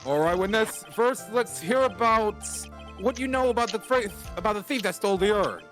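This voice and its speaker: A man's voice: sits high, moderate pace, a bit bright, long reverb tail, soft background music. A man voicing a flustered, easily rattled elderly male judge who exclaims often.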